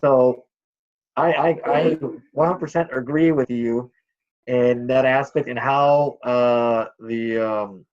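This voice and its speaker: A man speaking as a guest in a casual discussion, halting and searching for his words. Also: mid-range voice, fairly even intonation, a little mellow, lo-fi sound.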